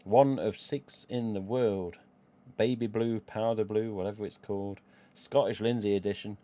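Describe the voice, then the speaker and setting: Hosting a relaxed live stream, a middle-aged Englishman with a Midlands accent drifts from one thought to the next at a moderate pace. His voice is a little low, and he swears casually and chuckles to himself.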